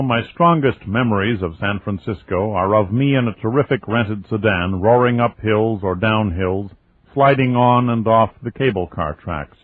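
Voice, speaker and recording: A man reading a first-person novel aloud as an audiobook, in a steady, wry storytelling manner. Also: fairly low pitch. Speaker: audiobook narrator. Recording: tinny lo-fi phone-like audio.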